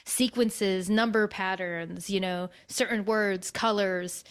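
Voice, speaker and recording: A woman's voice: mid-range voice, steady tone, slow, clean tone. A woman co-hosting a spiritual podcast, explaining in a reflective, chatty way with frequent "you know"s. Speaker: podcast co-host. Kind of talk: casual spiritual podcast chat.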